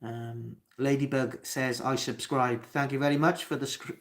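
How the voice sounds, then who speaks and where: A man's voice: mid-range voice, flat delivery, normal speed, a bit bright. A young man with a Cardiff accent, from Wales, hosting a live Q&A and reading out chat comments, talking hesitantly with lots of ums and restarts. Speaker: livestream host.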